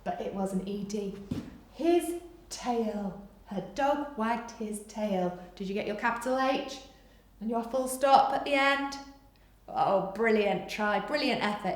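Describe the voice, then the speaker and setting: A woman, a primary school teacher giving a remote lesson to young children, dictating slowly and praising a lot. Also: medium pitch, echoey room. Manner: slow, exaggerated dictation with big praise.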